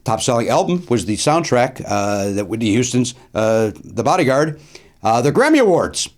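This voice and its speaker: A man's voice: medium pitch, very animated, moderate pace. A middle-aged man hosting a comedic solo podcast from a studio, talking in a wry, self-deprecating way with rambling asides. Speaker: podcast host.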